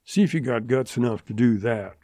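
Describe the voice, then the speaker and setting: A man voicing a cruel male outlaw who slowly and coldly threatens his captive in a western audiobook. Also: mid-range voice, expressive, dark tone, no room sound, clean studio sound, natural voice. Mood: scornful. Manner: slow, threatening, demanding.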